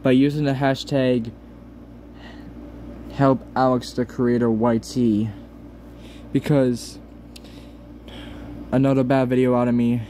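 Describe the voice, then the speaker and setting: Slow-talking upset man near tears. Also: medium pitch, flat delivery, mellow, slight background noise. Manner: pleading, swearing, halting restarts. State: close to tears. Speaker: channel owner. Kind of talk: upset vlog rant.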